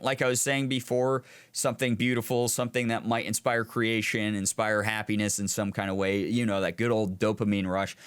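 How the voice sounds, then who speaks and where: Young guy doing let's play commentary, animated, thinks out loud a lot. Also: medium pitch. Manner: animated, thinking aloud, reflective. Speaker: gaming video host.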